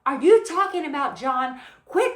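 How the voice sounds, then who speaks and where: A woman voicing a frazzled, stressed young mother who snaps in an exasperated yell. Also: high-pitched, expressive, measured pace, roomy sound, voice pushed up. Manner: yelling, exasperated.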